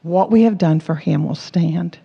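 A woman's voice: lowish voice, a little slow, creaky, husky. A woman teaching a sermon, earnest and emphatic, repeating words for stress. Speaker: Bible teacher. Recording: dull recording with long hall reverb.

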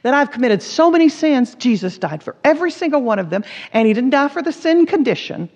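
A woman's voice: high voice, sing-song, brisk, darkish tone. A woman teaching a sermon, earnest and emphatic, repeating words for stress. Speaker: Bible teacher. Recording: dull recording with long hall reverb.

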